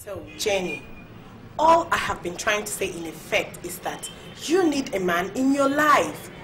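An actress with a Nigerian accent playing a pushy friend who insists on marriage and turns defensive when questioned. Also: female voice, medium pitch, big pitch swings, unhurried, fairly bright tone, slight background noise. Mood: insistent. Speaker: Linda. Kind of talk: Nollywood film acting. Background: film score music.

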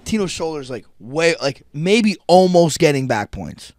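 A man co-hosting a podcast, telling a story in casual chat, animated and profane, acting out what everyone said. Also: on the high side, measured pace, no echo, studio quality. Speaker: podcast co-host.

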